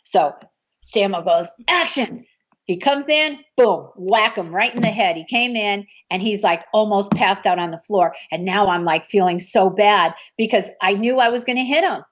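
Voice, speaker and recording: A woman's voice: medium pitch, moderate pace. A woman telling an anecdote about a film shoot. She acts out what other people said. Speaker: martial arts film actress recounting a film shoot. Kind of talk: anecdotal storytelling. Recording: dull lo-fi recording.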